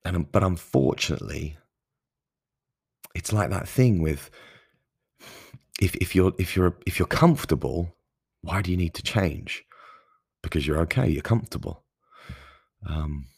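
Low husky man, passionate podcast monologue. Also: darkish tone, dry recording, studio quality. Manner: earnest and passionate, emphatic, with frequent restarts. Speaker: podcast host.

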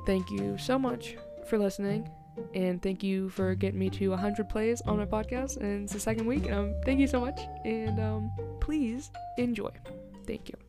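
A young woman in her twenties hosts a casual solo podcast, talking in a loose, rambling way full of fillers and light laughs. Her voice has a gravelly, fry-edged texture at a middling pitch. Music plays clearly behind her. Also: fairly even intonation, normal speed. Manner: chatty, rambling, laughs often, many "like" fillers. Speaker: podcast host.

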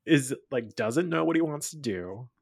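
A man hosting a podcast, chatting casually about a film, animated and laughing as he acts out his reactions. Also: medium pitch, moderate pace, creaky, husky, dry recording, studio quality. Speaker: podcast host.

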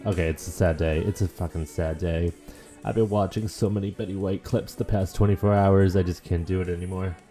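Brief: low-voiced male podcast host, warm tone, emotional and profane, faint music underneath. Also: fairly even intonation, brisk. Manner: emotional, rambling, swears freely. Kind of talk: casual solo podcast chat.

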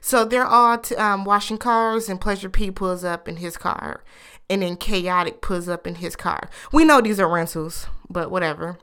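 A woman recapping a reality show in casual chat, animated and laughing, with incredulous asides. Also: medium pitch, normal speed, smooth.

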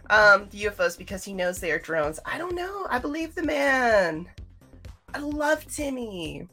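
A woman's voice: on the low side, gravelly, a bit bright. A woman hosting a livestream, chatting casually and rambling straight to her viewers. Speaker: livestream host.

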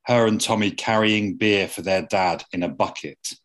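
A man's voice: lowish voice, moderate pace, fairly bright tone. A man co-hosting a casual podcast, methodically recapping the plot of a TV episode. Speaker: podcast co-host. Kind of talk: casual TV discussion.

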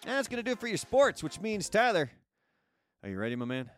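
Chatty male talk-show host, fairly high. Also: fast, faint music behind. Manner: chatty, jokey, energetic quiz-show delivery. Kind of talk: casual live-stream talk show.

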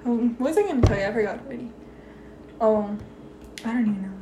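A woman's voice: on the high side, lively intonation, fast. A young woman co-hosting a casual podcast chat, talking in a chatty, giggly way with lots of fillers. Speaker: podcast co-host. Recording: echoey room with faint noise.

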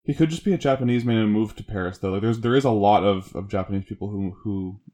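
A man with a lowish voice co-hosting a casual podcast. He explains at length, leaning on filler words and restarting his sentences. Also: fast, dark tone. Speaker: podcast co-host. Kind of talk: casual chat.

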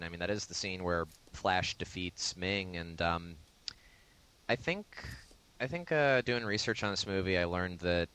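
A man with a very low voice talking casually about movies. He chats loosely, laughs often and leans on fillers as he goes. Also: fairly bright tone, low-quality recording. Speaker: podcast co-host. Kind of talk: casual film discussion.

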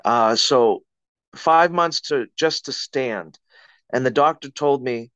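A man's voice: mid-range voice, a little slow, a bit bright, clear, resonant tone, dry recording, muffled recording. A man, a podcast guest, telling a personal story in conversation with vivid, dramatic retelling and acted-out quotes.

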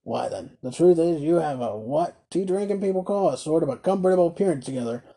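A man's voice: on the high side, animated, fairly quick, slightly rough. A man voicing a scornful, sarcastic middle-aged toy merchant who talks brusquely in a storybook reading. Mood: pushy. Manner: brusque, scornful, loud outbursts.

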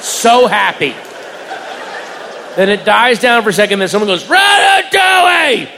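A man doing stand-up, telling a story in an animated way, acting out voices and shouting punchlines. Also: high-pitched, moderate pace, vocal fry. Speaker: stand-up comedian. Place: comedy venue before a live audience. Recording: live room with long reverb and crowd. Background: audience laughter and crowd noise.

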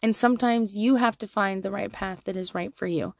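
A woman in her thirties, a mother giving frank, profane parenting advice in a candid monologue. She laughs often and swings from quiet asides to loud bursts. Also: mid-range voice, brisk, creaky, no echo, studio quality.

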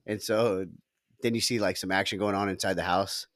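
Low-voiced man telling stories casually. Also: steady tone, a little fast, fairly bright tone, no echo, clean studio sound. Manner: laughs often while telling stories, swears casually. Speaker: podcast co-host. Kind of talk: casual chat.

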